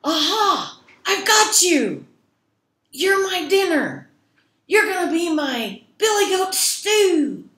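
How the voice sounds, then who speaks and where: A woman voicing a hungry, greedy troll under a bridge, with loud blustering threats. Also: very high-pitched, very animated, slow pace, voice pushed up, full character voice. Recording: echoey room.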